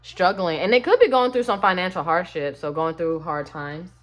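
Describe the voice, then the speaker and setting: Brief: lower-voiced woman, casual tarot reader, chatty and sassy, addresses the viewer directly. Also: moderate pace. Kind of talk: casual tarot reading to camera.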